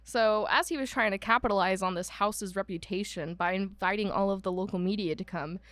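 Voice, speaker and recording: A woman's voice: medium pitch, a little fast, a bit bright, no room sound. A woman co-hosting a podcast, casually telling a haunted house history with lots of "um"s and self-corrections, with an Ohio accent. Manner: rambling, filler-heavy, self-correcting. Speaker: podcast co-host. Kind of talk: casual storytelling chat.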